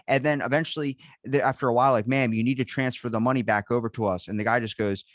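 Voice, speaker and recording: A man's voice: medium pitch, quick pace, dry recording. A man, a podcast guest, telling stories in casual chat, swearing often and acting out the people he quotes. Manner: animated storyteller, acts out quotes, swears often.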